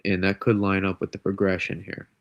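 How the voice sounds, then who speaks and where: A man's voice: low voice, monotone, a little fast, no echo, muffled recording. A man forecasting weather on a live stream, rambling and restarting his sentences, stuffy and under the weather with a cold. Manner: rambling, self-correcting, casual. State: congested from a cold.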